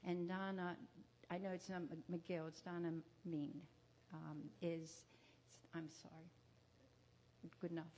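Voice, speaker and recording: A woman hosting a memorial ceremony in a museum, speaking warmly and haltingly with fillers and self-corrections. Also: lowish voice, little pitch movement, a little hiss or hum. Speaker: exhibition organizer and ceremony host. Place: museum event room.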